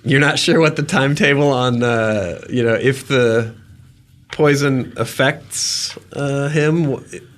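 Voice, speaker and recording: Slow-talking male dungeon master. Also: mid-range voice. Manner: slow, vivid descriptive narration, laughing at his own gross details. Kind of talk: narrating a tabletop game.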